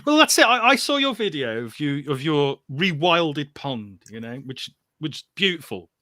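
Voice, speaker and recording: A man's voice: a little high, sing-song, moderate pace, crowd noise. A man hosting a casual interview, talking with earnest enthusiasm and getting openly emotional about the subject. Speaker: podcast host.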